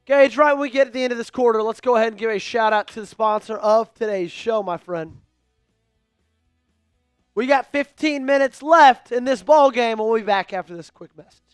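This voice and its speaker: A man hosting a live stream, calling plays and hyping up his viewers with excitable energy. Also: very high voice, moderate pace, clear, resonant tone, no room sound, clean studio sound, soft background music. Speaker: host of a team live stream. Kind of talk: live play-by-play commentary.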